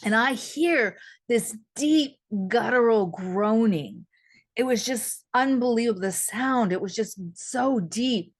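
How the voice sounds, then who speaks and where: A middle-aged woman hosting an interview, telling a story in a lively, animated way. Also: on the high side, takes it slowly. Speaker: host.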